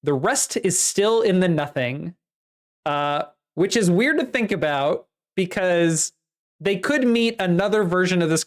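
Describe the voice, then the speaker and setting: A woman co-hosting a casual book-discussion podcast, recapping the plot at length in a lively way. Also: mid-range voice. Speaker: podcast co-host.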